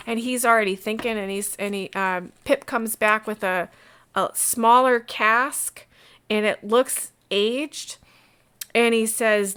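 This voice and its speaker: A woman game master narrating a tabletop game. Her narration is lively and rambling, full of fillers and restarts, in a fairly high voice. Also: slow, clean tone.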